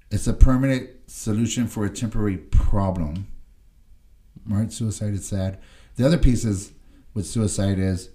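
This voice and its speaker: A man's voice: low voice, dark tone. A man guest on a podcast telling his recovery story with emotion, often checking in with "right?" and restarting his words. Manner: emotional, tag questions "right?" between phrases.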